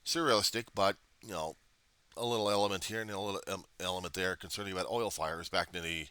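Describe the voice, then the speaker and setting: A man's voice: deep voice, steady tone, fast, sharp tone, clear, resonant tone, no room sound. An American man vlogging a rambling, profane history monologue, full of digressions and self-corrections. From United States.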